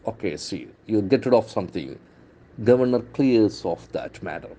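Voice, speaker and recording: In a pronunciation lesson based on the newspaper, a male English trainer with an Indian English accent says words slowly over and over and spells them out. He has a lowish, warm voice with lively intonation.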